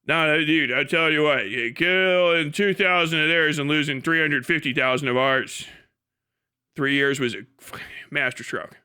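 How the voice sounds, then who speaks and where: A man's voice: a little high, moderate pace, sharp tone, clear, resonant tone. A man hosting a livestream, ranting heatedly and profanely, mocking and breaking into laughs. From United States. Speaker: livestream host.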